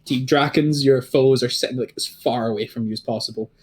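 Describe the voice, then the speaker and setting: A man's voice: mid-range voice, fairly even intonation, a little fast. A man narrating a tabletop game as game master, rambling with many fillers and restarts.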